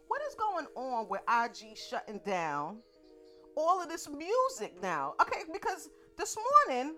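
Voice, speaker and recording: A woman co-hosting a casual talk show, animated and quick to laugh, cursing casually. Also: on the high side. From United States. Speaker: podcast co-host. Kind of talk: casual chat.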